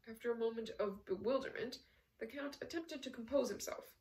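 Woman narrator, novel read-aloud, steady with small slips, higher voice, mic at a distance. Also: fairly quick. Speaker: audiobook reader. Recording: voice set back from the mic.

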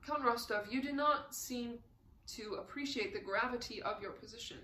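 A woman's voice: a little high, moderate pace, bright, forceful tone, reverberant, a little hiss or hum, rough recording. A woman voicing a cold, probing male prosecutor who questions in a clipped manner. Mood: stern. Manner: clipped, interrogating.

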